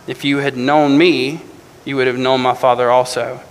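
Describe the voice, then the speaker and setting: A man preaching a sermon, reading scripture slowly and deliberately, then explaining it in a casual, self-correcting way. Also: mid-range voice, flat delivery, in a large hall, slight background noise, low-quality recording. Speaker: pastor.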